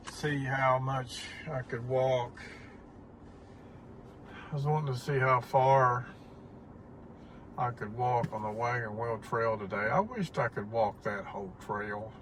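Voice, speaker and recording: A man's voice: medium pitch, takes it slowly, long pauses, a bit bright, slight background noise, rough recording. A middle-aged man, rambling in a casual vlog monologue from a parked car, repeating himself and swearing when he gets angry. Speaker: vlogger. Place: parked car in heavy rain.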